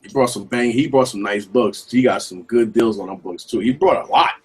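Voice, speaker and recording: Husky-voiced man swearing casually. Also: medium pitch, fairly quick. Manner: loose, profane, slangy. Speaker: collector in group chat. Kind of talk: casual chat.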